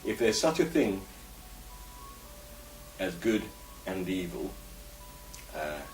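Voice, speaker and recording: With faint background music, a low-pitched English vlogger takes his time, his pitch swinging widely as he muses and gives opinions in a rambling monologue to camera. The sound is roomy and echoey, his voice distant.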